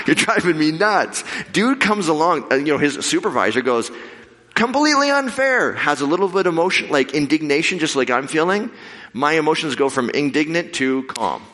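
A man preaching a sermon with lively storytelling, acting out the voices of the people in his stories. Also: a little high, a little fast, slight background noise. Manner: animated, acts out quoted voices. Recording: long hall reverb.

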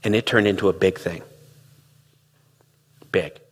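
A middle-aged man talks reflectively to listeners, slipping into quoted dialogue as he tells stories. His voice sits fairly low and has a husky grain. The sound carries a long hall reverb. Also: fairly even intonation, unhurried. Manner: conversational, storytelling with quoted dialogue. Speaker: speaker on relationships. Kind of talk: reflective talk.

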